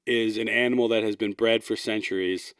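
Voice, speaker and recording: A man's voice: lowish voice, steady tone, a little fast, a bit bright, smooth, dry recording. Man, podcast co-host, rambling casual talk, self-deprecating, dry close mic. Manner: rambling, self-deprecating, laughs mid-sentence. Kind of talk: casual chat.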